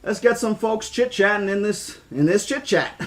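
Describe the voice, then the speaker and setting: Excitable man reading to his chat. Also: high-pitched, unhurried. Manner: excitable, thankful, chatty. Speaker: streamer reading a novel aloud. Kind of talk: audiobook reading with chat shout-outs.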